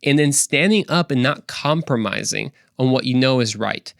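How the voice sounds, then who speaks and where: A young man hosts a faith podcast with lively energy. He preaches with conviction and cracks jokes along the way. His voice sits at a middle pitch and sounds dry and close. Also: moderate pace, gravelly, dry recording. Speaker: podcast host. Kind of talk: casual faith talk podcast.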